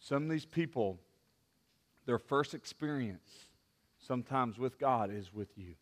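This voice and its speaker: A man preaching a sermon as a youth pastor, impassioned, with restarts, swinging from loud to hushed. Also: mid-range voice, expressive, a little slow.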